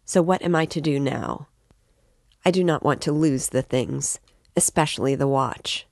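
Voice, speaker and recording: A woman's voice: sits low, measured pace, creaky, darkish tone, dry recording, studio quality. A woman reading the part of a troubled, insistent young man in a novel. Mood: urgent.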